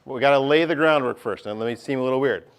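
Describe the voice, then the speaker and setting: A man's voice: medium pitch, very fast, clear, resonant tone. A male teacher, giving a chatty classroom lesson and often checking in with his class.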